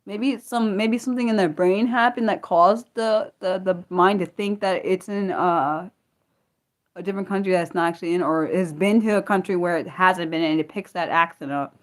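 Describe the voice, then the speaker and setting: A woman hosting a casual unscripted livestream, rambling excitably with lots of quick questions and restarts. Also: on the low side. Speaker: livestream host.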